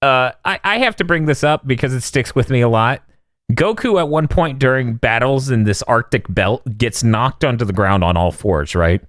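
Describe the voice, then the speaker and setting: A man's voice: mid-range voice, normal speed, dry recording, studio quality. A man co-hosting a podcast, casually recapping a film and acting out its lines with bursts of laughter. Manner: animated storyteller who acts out lines with laughter. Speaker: podcast co-host.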